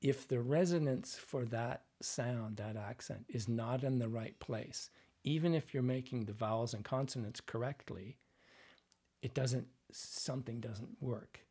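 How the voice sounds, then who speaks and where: A man's voice: medium pitch, unhurried, dark tone, breathy edge. A man working as a dialect coach, explaining his method in an interview and demonstrating lines as he goes.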